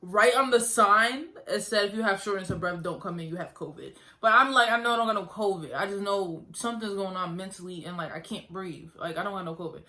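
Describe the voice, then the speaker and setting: A woman's voice: mid-range voice, a little fast, few pauses, sharp tone. A young woman earnestly telling her own story in a casual vlog, talking conversationally and repeating herself. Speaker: vlogger.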